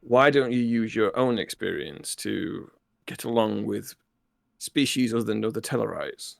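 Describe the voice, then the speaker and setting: A man's voice: lowish voice, expressive, unhurried, gravelly, no room sound, studio quality, heavily acted. A man playing a blunt, no-nonsense male military starship captain who gives curt threats and orders in a tabletop game.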